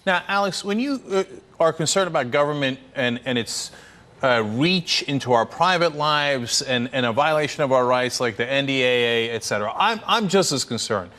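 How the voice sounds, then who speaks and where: A man's voice: mid-range voice, animated, moderate pace, pushed and bright. A man hosting a talk show, interviewing a guest with skeptical, probing questions.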